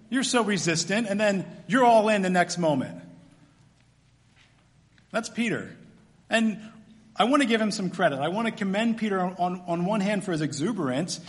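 High-voiced preacher in an echoey hall. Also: male voice. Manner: animated, swings from loud emphatic to quiet and soft. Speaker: pastor. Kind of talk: sermon. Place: church hall with long reverb.

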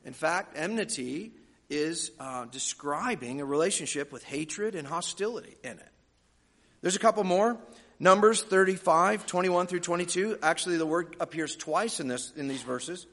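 High-voiced man preaching in a hall. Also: moderate pace, a bit bright. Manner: folksy, joking asides to the congregation. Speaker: pastor. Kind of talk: sermon. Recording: long hall reverb.

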